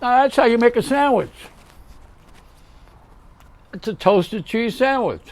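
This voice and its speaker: A man's voice: extremely high pitch, animated, measured pace. An older man hosting a comedic monologue, rambling along with wisecracks and one-liners and talking straight to the viewer. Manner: chatty, talks straight to the viewer. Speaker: host.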